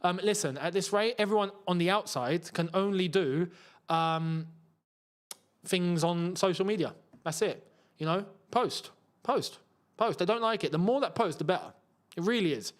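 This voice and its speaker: A man's voice: high-pitched, normal speed. A young man hosting a live football watchalong, chatting and reading out viewer comments. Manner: chatty, reads out viewer comments, bursts into emotional shouts. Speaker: football channel host.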